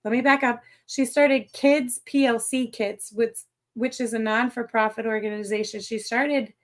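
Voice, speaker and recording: A woman with a Midwestern American accent hosting a podcast, chatting in an excited, rambling way and correcting herself as she goes. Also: fairly high pitch, normal speed. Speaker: podcast host. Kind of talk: casual chat.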